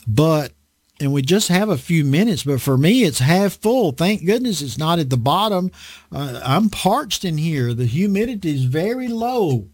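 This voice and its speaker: A man's voice: fairly high pitch, big pitch swings, moderate pace, a little mellow, breathy edge, dry recording. A man preaching a conversational Bible sermon in a dry indoor room, self-deprecating and acting out voices as he teaches.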